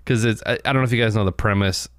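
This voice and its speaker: A man's voice: lowish voice, rapid-fire, no room sound, studio quality. A man hosting a podcast, chatting casually about movies and rambling with frequent restarts. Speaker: podcast host.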